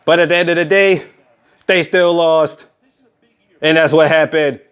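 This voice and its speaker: A man giving a casual, energetic recap of football scores, full of trash talk. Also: fairly high pitch, measured pace, clean tone. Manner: energetic, trash-talking, repeats "bottom line is". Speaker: sports recap vlogger. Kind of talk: casual sports recap monologue.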